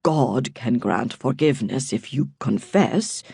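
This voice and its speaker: A woman's voice: very deep voice, big pitch swings, takes it slowly, mellow, slightly rough, no echo, clean studio sound, exaggerated voice. A woman voicing a shaken male priest in an audiobook, speaking nervously while trying to sound reassuring. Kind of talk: audiobook character voice.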